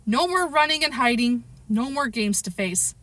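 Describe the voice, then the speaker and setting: Storybook figure: a tough, selfish girl, put on by a woman narrator, defiant and sassy, pitched well up. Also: expressive, normal speed, a bit bright, no room sound. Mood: grim.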